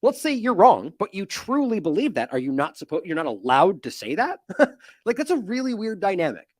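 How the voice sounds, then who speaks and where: A man hosts an independent news commentary show, speaking quickly with a lively, swooping delivery. His tone is indignant and mocking. The sound is dry and close to the mic, with a slightly high voice. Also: no echo. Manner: animated, indignant, mocking with sarcastic quotes.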